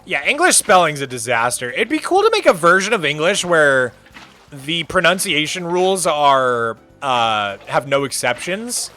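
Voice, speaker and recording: A young man chatting casually on a live stream, animated and given to playful rants. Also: on the high side, soft background music. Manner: animated, ranting, quick to exaggerate.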